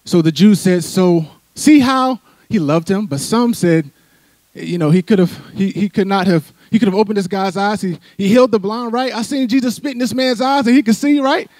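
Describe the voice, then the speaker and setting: A man's voice: high-pitched, moderate pace, darkish tone, no room sound. A middle-aged man from Philadelphia preaching a sermon, conversational and full of "right?" asides. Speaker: church speaker. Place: church sanctuary.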